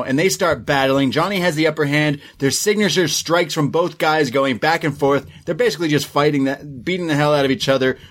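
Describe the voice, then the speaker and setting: A man co-hosting a podcast, recapping events in a relaxed, rambling play-by-play with plenty of fillers. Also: a little high. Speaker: podcast co-host. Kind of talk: casual recap chat.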